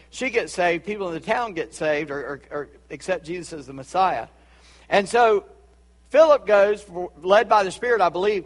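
A man with a Charleston Southern accent preaching a sermon as a pastor, chatty with asides and quick laughs. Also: sits high, long reverb tail. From Charleston, South Carolina.

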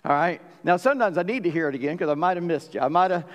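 A man's voice: sits high, lively intonation, very fast, lo-fi sound. A man preaching a sermon as pastor, talking in a folksy, conversational way and often asking the congregation if they follow. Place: church sanctuary. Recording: long reverb of a church hall.

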